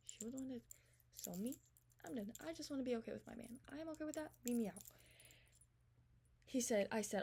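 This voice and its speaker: A young woman with a fairly high pitch and lively intonation tells a storytime vlog about an argument over text, with a little hiss or hum in the audio. She's fast, profane and exasperated, swinging between loud venting and quiet asides.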